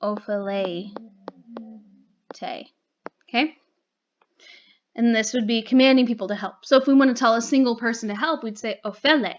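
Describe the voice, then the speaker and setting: A woman's voice: on the high side, normal speed, pauses often, lo-fi sound. A woman teaching a recorded grammar lesson, explaining patiently and checking in with "okay?" and "right?".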